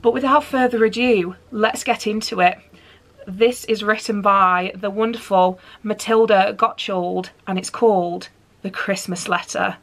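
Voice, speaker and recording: A woman's voice: mid-range voice, steady tone, unhurried, soft background music. A woman hosting her channel, reading a Christmas story aloud with playful, chatty asides to her listeners.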